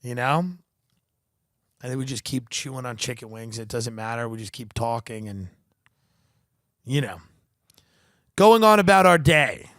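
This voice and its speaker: A man's voice: medium pitch, animated, unhurried, long pauses, fairly bright tone, no echo, studio quality. A man hosting a comedy podcast, riffing in a profane, sarcastic, rambling monologue.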